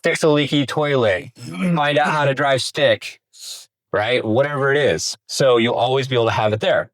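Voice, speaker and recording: A man giving a casual, energetic workshop talk on real estate marketing, asking the audience questions and swearing now and then. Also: medium pitch, moderate pace. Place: room with a live audience.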